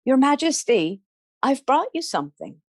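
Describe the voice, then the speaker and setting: Storyteller as confident folk saint, brisk and reassuring, slightly raised voice. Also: female voice, high voice, very animated, a little mellow, no echo, clean studio sound, pitched above the performer's own voice, exaggerated voice. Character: bold, helpful woman saint, calm problem-solver.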